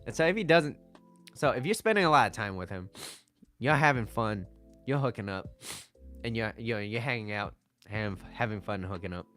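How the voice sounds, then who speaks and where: Animated joking man giving dating advice. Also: lowish voice, moderate pace, pauses often, faint music behind. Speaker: dating coach. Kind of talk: casual talk with slides.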